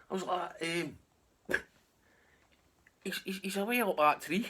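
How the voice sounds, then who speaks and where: A man's voice: sits high, measured pace, bright, forceful tone, breathy edge. A man with a Scottish accent telling a rambling camping story in a casual, sweary way, laughing as he goes.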